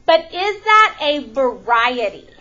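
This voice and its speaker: A woman teaching a math lesson to a classroom, animated and often questioning her students. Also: high voice, takes it slowly, lo-fi sound, a little hiss or hum.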